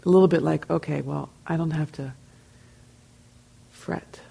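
Gravelly New Jersey woman teaching meditation. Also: low voice, unhurried, rough recording. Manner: conversational, relaxed storytelling. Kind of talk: dharma talk question and answer.

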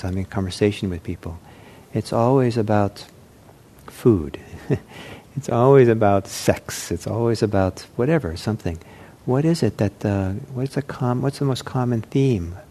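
A man giving an unscripted meditation talk, speaking in a gentle, reflective way with frequent pauses and restarts. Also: fairly low pitch, a little hiss or hum. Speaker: meditation teacher.

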